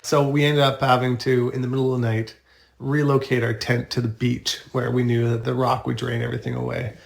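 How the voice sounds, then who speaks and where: A man from Canada recounts a camping night as a podcast guest, easygoing and matter-of-fact. His voice has a gravelly fry to it at a middle pitch. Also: level tone, brisk. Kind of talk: casual storytelling in a podcast interview.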